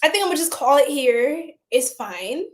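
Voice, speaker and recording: A woman's voice: high voice, animated, moderate pace. A woman with an American lilt hosting a tarot livestream, chatting casually with her viewers, laughing often and swearing freely. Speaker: tarot reader livestream host.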